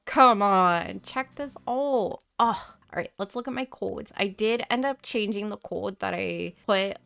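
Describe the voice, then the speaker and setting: A woman's voice: medium pitch, unhurried, creaky, a bit bright, soft background music. A woman hosting a video game let's play, chatting in a bubbly, rambling way with tongue-in-cheek conspiracy jokes. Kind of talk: casual gameplay commentary.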